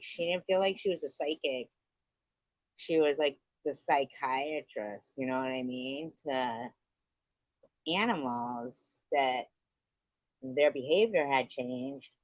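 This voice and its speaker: A woman hosting a livestream. She rambles in an offhand, profane way at an unhurried, drawn-out pace. Her voice is dry and close, with dull lo-fi sound. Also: extremely low pitch, no room sound. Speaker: livestream host. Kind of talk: casual chat.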